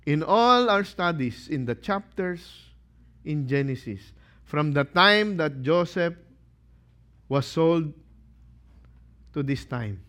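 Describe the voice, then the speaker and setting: A male pastor preaching a sermon, animated, questioning his congregation and acting out quotes. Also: a little high, takes it slowly, long pauses.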